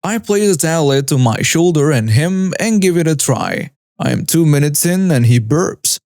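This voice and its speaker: Dry, higher-pitched male storyteller. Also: expressive, normal speed, darkish tone, dry recording. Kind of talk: scripted first-person story narration.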